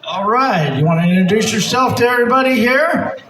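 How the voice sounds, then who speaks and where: A man's voice: high voice, a little fast, a crowd in the background. A man hosting an open-mic night at a bar, telling a joke and acting out its characters. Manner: animated storyteller, acting out characters. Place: small bar stage. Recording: echoey bar from a distant mic.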